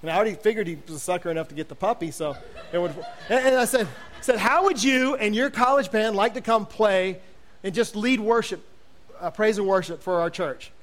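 A man, a youth pastor, telling a humorous story from the pulpit, animated and self-mocking, acting out the voices of people he quotes. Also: high-pitched, brisk.

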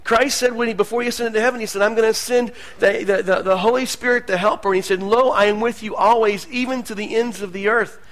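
A man preaching a sermon as pastor, moving between hushed asides and loud, emphatic lines. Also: high voice, steady tone, fast talker, few pauses.

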